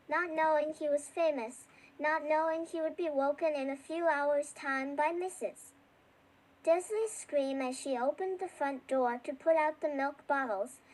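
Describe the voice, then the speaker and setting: A woman narrating a children's fantasy audiobook in an even, storytelling delivery. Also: high-pitched, low-quality recording. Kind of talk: scripted narration.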